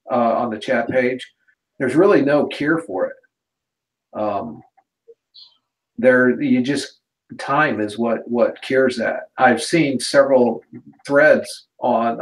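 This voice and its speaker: A man's voice: mid-range voice, vocal fry, low-quality recording. A man joining a live video hangout remotely, explaining things in a matter-of-fact, casual way. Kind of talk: casual chat, explaining tech problems. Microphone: remote video call.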